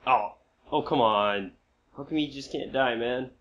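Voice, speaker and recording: A man commentating while he plays a video game, reacting with frequent excited outbursts and exclamations. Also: mid-range voice, measured pace, highs cut off. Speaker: gamer. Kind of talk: gameplay commentary.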